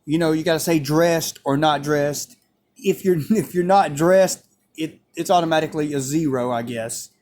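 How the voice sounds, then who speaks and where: A man's voice: on the high side, normal speed. A man telling a story in a casual, profane way, repeating phrases as he goes. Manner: animated, profane, repeats himself.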